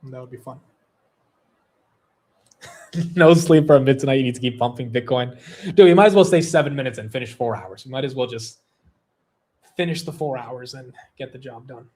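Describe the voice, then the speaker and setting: A man's voice: medium pitch, fairly quick, pauses often, a little mellow. A young man hosting a long livestream, chatting casually, rambling, swearing loosely, and reading out viewer super chats. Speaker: livestream host.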